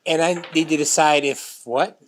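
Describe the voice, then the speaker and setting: A man playing trivia on a podcast who reacts loudly and dramatically to the game. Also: on the high side, fairly even intonation, normal speed, slight background noise. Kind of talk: casual chat.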